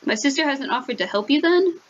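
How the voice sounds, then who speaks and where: A woman's voice: sits high, animated, brisk, highs cut off, pitched above the performer's own voice. A woman voicing a cold young man returning to his family home who speaks curtly and formally. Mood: dry.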